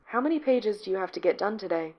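Woman reader as young woman, relaxed, teasing, low-key, easygoing. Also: fast, lo-fi sound, natural voice.

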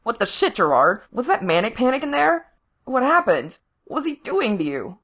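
A woman voicing a frantic, protective young man who speaks fast and urgently. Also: on the high side, big pitch swings, a bit bright, breathy edge, voice pushed up, exaggerated voice.

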